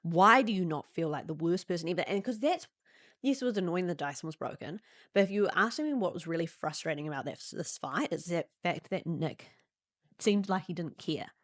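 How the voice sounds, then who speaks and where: Brief: young New Zealand woman, podcast host, low-pitched, candid personal storyteller, dry close sound. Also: brisk, no room sound. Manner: animated, acts out quotes in sudden high voices.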